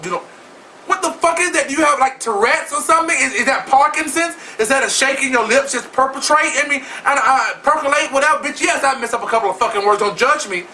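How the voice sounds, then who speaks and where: A man with a very high, sharply bright voice rants about celebrity gossip in a sassy, flamboyant, profane way, talking straight to his viewers. He sits a little back from the mic, with a faint room hum underneath. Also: fast talker, distant mic, rough recording. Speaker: vlog host.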